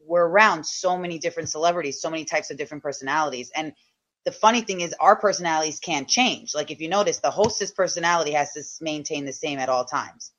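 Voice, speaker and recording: A woman's voice: sits low, quick pace, a bit bright, lo-fi sound. A woman guesting on a podcast, talking frankly and chattily with casual slang. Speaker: guest, comedian and podcast host. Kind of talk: casual interview chat.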